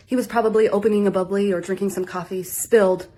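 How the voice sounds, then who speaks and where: A woman giving a mock courtroom rebuttal to a jury in a dry, deadpan, matter-of-fact way. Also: mid-range voice, fast, breathy edge. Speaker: comedic vlogger, wife.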